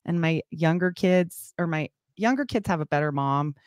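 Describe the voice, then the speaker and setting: Laughing woman in her forties, lowish voice. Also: normal speed, dry recording, clean studio sound. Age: 40s. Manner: laughing, self-mocking storyteller. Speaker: podcast guest. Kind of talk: casual chat. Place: home, Utah.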